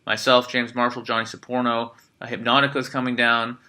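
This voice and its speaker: Male podcast host, casual and profane, very bright, edgy voice. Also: mid-range voice, fairly quick. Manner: energetic, swears freely, lots of fillers.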